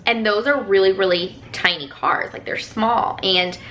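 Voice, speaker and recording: Chatty bright-voiced woman vlogger. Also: mid-range voice, a little slow, a little hiss or hum. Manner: chatty, rambling, lots of "like" fillers. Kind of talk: casual storytime vlog.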